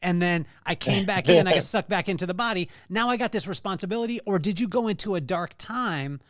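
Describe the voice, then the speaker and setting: A man's voice: sits high, fast talker, fairly bright tone, no room sound, studio quality. A man hosting a podcast, asking playful, joking questions in a casual interview. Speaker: podcast host.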